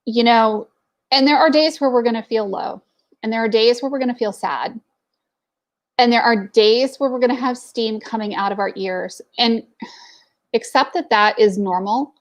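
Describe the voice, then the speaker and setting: A woman's voice: a little high, moderate pace. A woman in her forties telling a candid personal story in casual talk, with plenty of fillers. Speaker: entrepreneur network speaker.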